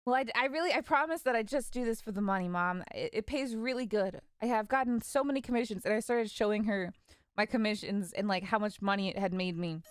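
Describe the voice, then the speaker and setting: A young woman streamer casually telling stories about her parents, animated and laughing, acting out their lines. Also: medium pitch, quick pace, clear, resonant tone, no room sound, clean studio sound. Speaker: vtuber streamer. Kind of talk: casual storytelling.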